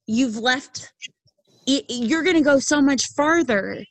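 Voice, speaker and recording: A middle-aged woman hosts a podcast, speaking earnestly and emphatically in a casual conversation and laughing easily. Her high-pitched voice moves slowly, on a rough recording without echo.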